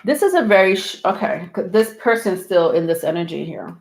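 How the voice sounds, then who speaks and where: A woman's voice: on the low side, lively intonation, a little fast. Chatty woman reading tarot, echoey room. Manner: chatty, laughs often, lots of fillers. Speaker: tarot reader. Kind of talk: live-stream tarot reading.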